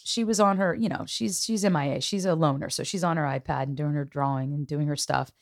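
A woman in her forties hosting a podcast, telling stories in a casual, emotional and animated way. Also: sits low, fast, gravelly, dry recording, clean studio sound. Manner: emotional, animated storytelling with acted-out quotes. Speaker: podcast host. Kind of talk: casual chat.

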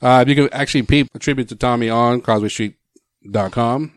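Chill dude on a podcast, mid voice, dry close mic. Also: male voice, mid-range voice, fairly even intonation, fairly quick, dry recording. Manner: laid-back, agreeable, lots of fillers. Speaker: podcast co-host. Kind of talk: casual chat.

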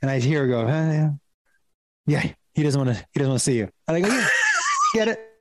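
A man's voice: a little high, huge pitch swings, fairly quick, dry recording. A middle-aged man and comedian telling a funny story, laughing often and acting out the voices of the people in it. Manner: acts out quoted voices. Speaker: comedian guest. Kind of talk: animated comic storytelling.

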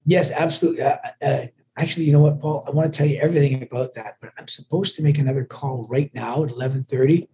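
Husky, mellow-voiced man chatting. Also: fairly high pitch, steady tone, fast. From Scotland. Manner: friendly, rambling with many restarts. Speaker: musician guest. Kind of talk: casual interview chat.

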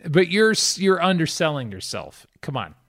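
A man's voice: a little high, very animated, normal speed, fairly bright tone. A man co-hosting a casual podcast interview, reacting with frequent laughs and teasing remarks. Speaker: podcast co-host.

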